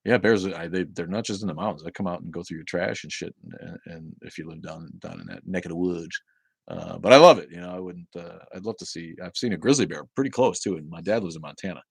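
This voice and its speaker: This low-pitched, creaky, husky voice belongs to a middle-aged livestream host who talks fast on a dry recording. He reads his viewers' comments aloud, chatting casually and rambling profanely in between.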